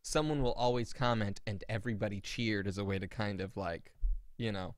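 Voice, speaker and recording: A man's voice: on the low side, moderate pace, no room sound, clean studio sound. A man co-hosting a podcast in casual chat, telling stories with indignation and acting out what people said. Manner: animated, indignant storyteller who acts out quotes. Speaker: podcast co-host.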